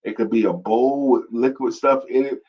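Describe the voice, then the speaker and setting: A man co-hosting a casual talk show with his wife, a playful, teasing storyteller with a husky voice. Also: mid-range voice, normal speed, highs cut off. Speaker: co-host.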